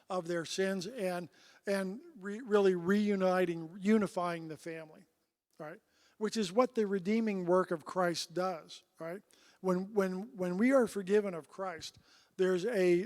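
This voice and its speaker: High-voiced man teaching scripture. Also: darkish tone, long reverb tail. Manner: conversational, frequent throat clearing, asides like "man" and "right?". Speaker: pastor teaching a Bible study. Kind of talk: casual Bible study teaching, reading scripture aloud with comments. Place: church sanctuary.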